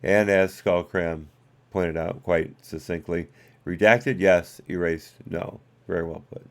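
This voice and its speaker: A man's voice: low-pitched, steady tone, unhurried. A man hosting a live stream, reading documents aloud and breaking off for wry asides and corrections to his chat.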